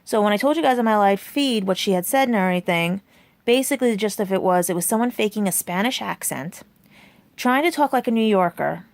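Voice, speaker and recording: A woman's voice: mid-range voice, animated, a little fast, no room sound. A woman in her forties telling a rambling personal story to her viewers, chatty and full of asides like "right?" and "and everything". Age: 40s. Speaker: vlogger.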